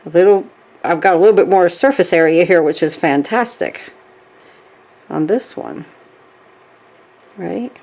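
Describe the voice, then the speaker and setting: A woman's voice: on the low side, measured pace, gravelly, long pauses, a little mellow. Chatty woman demonstrating a craft. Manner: chatty, frequent "okay?" check-ins. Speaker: craft tutorial host.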